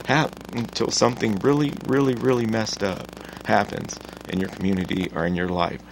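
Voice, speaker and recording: A man hosting his own podcast, talking in an animated, profane solo rant that swings from mutters to loud outbursts. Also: fairly low pitch, moderate pace, a little hiss or hum. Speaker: podcast host.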